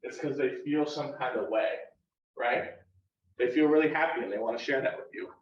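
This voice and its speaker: A man's voice: medium pitch, moderate pace, a little hiss or hum. A male university counselor leading a live workshop, talking conversationally and often checking in with "right?". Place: classroom or workshop room. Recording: roomy, distant and dull live room recording.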